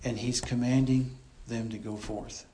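A man delivering a teaching sermon from the pulpit, in a voice of ordinary middle pitch. He talks in an easy, conversational way, walking listeners through the text and circling back to restate each point. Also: little pitch movement, measured pace, warm tone, a little hiss or hum. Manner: conversational, explains and repeats points. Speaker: pastor. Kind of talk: expository sermon.

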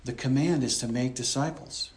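A man's voice: mid-range voice, normal speed. A man preaching a conversational expository sermon in a church, explaining and repeating his points as he goes. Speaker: pastor.

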